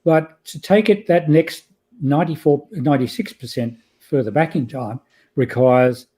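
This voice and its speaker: A hoarse man, a geologist earnestly making a case and often correcting himself mid-word. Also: a little high, moderate pace, warm tone. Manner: earnest, emphatic, with frequent self-corrections. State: hoarse, losing his voice. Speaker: guest geologist presenting his theory. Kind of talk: prepared presentation, then interview answers.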